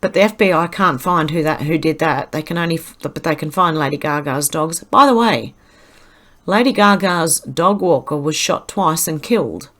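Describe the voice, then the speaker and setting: An Australian woman talks her way through a casual opinion video, pausing often, filling gaps with ums and starting sentences over. Her voice sits a little low for a woman. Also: a bit bright. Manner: rambling, halting, with many fillers. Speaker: channel host reading posts.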